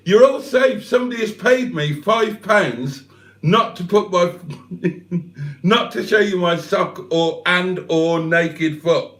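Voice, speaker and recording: Older man, slightly high voice, livestream host, reads chat comments, teasing, self-deprecating. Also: slow pace, a bit bright, echoey room. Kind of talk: casual live chat, reading out comments.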